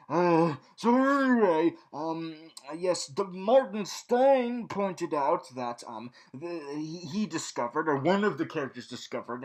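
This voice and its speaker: Snarky rambling man vlogging a recap. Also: a little high. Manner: rambling with many fillers and restarts, snarky. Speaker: vlog host recapping a TV show. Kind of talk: casual rambling recap in a villain persona.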